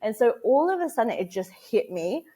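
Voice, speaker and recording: Husky woman telling a story. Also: on the high side, sing-song, normal speed, dark tone. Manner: chatty, laughs often, acts out quoted voices. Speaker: podcast guest, motherhood educator. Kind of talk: casual interview storytelling.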